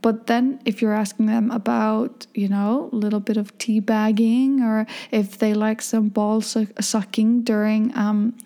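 Icelandic woman vlogger, middle-aged, mellow tone, chatty and candid. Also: on the high side, little pitch movement, a little slow, hardly any pauses. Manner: chatty, rambling, frank and jokey. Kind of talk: casual chat.

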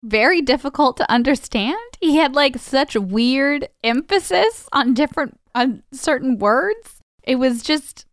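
Woman co-host joking about a movie, kinda high voice, dry sound. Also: lively intonation, measured pace, dry recording. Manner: chatty, laughing, wry. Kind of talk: casual film discussion.

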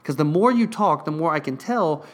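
A man's voice: fairly high pitch, animated, moderate pace. A young man casually telling a profane, rambling workplace story to his viewers. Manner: profane, rambling, acts out quotes. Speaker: hotel worker telling a story.

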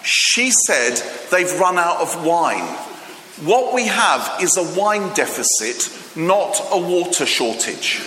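A man's voice: high-pitched, big pitch swings, slow pace, pushed and bright, slight background noise. A man preaching a humorous, chatty sermon, joking with the congregation and using many fillers. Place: church hall. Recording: echoey hall with long reverb.

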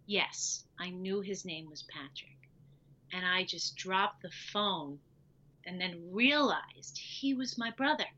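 A woman telling her personal story as an interview guest, lively and acting out the dialogue she recalls. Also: lowish voice, slow, muffled recording. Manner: animated, acts out quoted dialogue.

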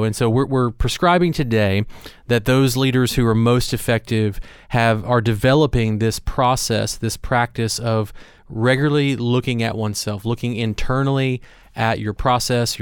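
A man's voice: fairly low pitch, smooth, no room sound, studio quality. A man co-hosting a leadership podcast, talking in a thoughtful, earnest way with frequent fillers and restarts. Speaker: podcast co-host.

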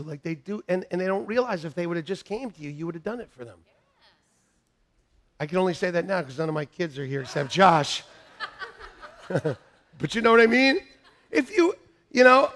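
A middle-aged man preaching a sermon as pastor, animated, breaking into shouted bursts and laughing asides. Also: high-pitched, vocal fry.

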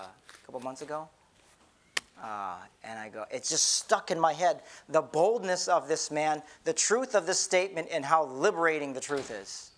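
A man's voice: medium pitch, a bit bright, a little hiss or hum. A middle-aged man, a pastor, giving an earnest, conversational sermon with many repeated restarts.

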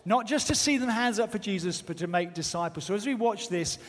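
A man's voice: high voice, animated, fairly quick. A man preaching a sermon with fervent, earnest exhortation. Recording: long hall reverb.

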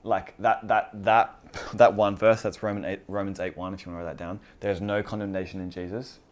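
A man with a fairly low voice gives an informal sermon to a small group. He talks earnestly and conversationally, restarting phrases and repeating key words as he goes. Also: steady tone, a little fast. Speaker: pastor.

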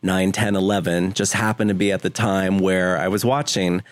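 A man from Vermont with a fairly low voice talks as a podcast guest. He tells his stories earnestly and with feeling, rambling and restarting as he goes, and the sound is dry and close. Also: fairly even intonation, moderate pace, dry recording. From Vermont, USA. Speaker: guest, home video producer. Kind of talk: conversational interview.

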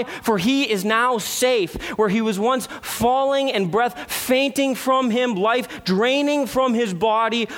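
Guy preaching a sermon, pretty high voice, leans on rhetorical questions, goes loud then hushed, long church echo. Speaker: pastor. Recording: long hall reverb.

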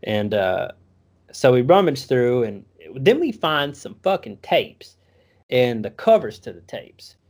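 A man's voice: mid-range voice, very animated, slow, a little mellow. Profane rambling storyteller man. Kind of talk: casual storytelling.

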